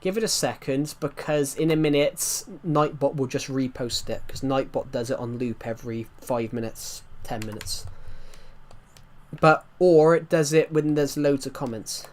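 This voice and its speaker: A streamer from England with a West Country accent rambles casually to his viewers while playing, often restarting sentences. He speaks at normal speed in a medium-pitched, darkish voice with fairly even intonation.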